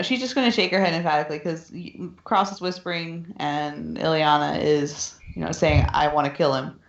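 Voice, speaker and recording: Woman player, kinda low voice, corrects herself fast, echoey room. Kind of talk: casual game table chat. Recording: echoey room, dull lo-fi sound.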